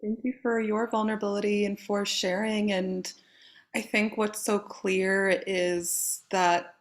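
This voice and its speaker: A woman hosting a video call, slowly thanking each speaker and passing the turn to the next. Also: mid-range voice, little pitch movement. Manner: warm, slow, thankful. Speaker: host.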